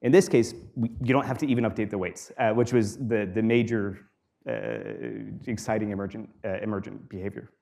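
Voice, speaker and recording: A man giving a university guest lecture in a relaxed, explanatory way, with frequent fillers, repeating students' questions aloud. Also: lowish voice, normal speed, gravelly. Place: lecture hall.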